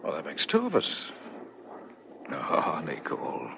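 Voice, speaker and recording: A wry American general with a lively voice. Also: male voice, a bass voice, a little slow, vocal fry, heavily acted. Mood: bantering. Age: middle-aged. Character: middle-aged American general and husband, wry, teasing. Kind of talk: 1970s radio drama acting. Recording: muffled old radio broadcast with hiss.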